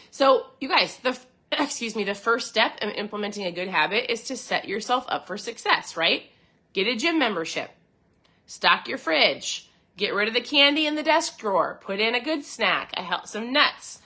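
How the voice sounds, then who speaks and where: A woman hosts her own podcast in a casual, upbeat talk, her voice bright and forceful and pitched a little high. She chats straight to her listeners and checks in with them often. Between those check-ins she reads passages from a book aloud and comments on them. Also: animated, moderate pace. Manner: addresses listeners directly with frequent check-ins. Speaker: podcast host.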